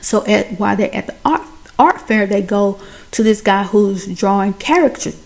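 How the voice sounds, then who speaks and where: A woman's voice: mid-range voice, moderate pace, a little mellow. A woman giving a chatty, colloquial recap of a film, retelling scenes with drama. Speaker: film reviewer.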